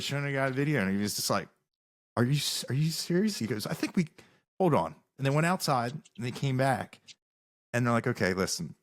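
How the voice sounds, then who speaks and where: Man, rambling storyteller, many restarts, podcast interview, average pitch. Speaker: musician guest.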